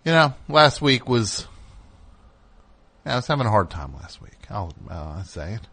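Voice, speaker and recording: A man hosting a call-in radio show, speaking candidly and rambling, breaking off his own sentences and jumping up in pitch when he gets worked up. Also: very animated, normal speed, bright, forceful tone, slightly rough. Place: radio studio.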